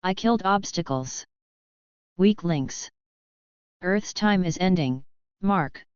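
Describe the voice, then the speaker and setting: A woman voicing a cold, calm alien father in an audiobook, flat and matter-of-fact. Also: fairly low pitch, slow pace, clean tone, no room sound, lo-fi sound.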